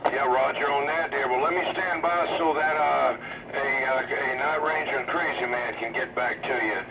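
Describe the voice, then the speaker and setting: A man's voice: medium pitch, steady tone, moderate pace. A man running a CB radio station, chatting casually in a drawling way full of radio lingo. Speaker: CB radio operator at the receiving station. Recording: distant lo-fi CB radio with loud static.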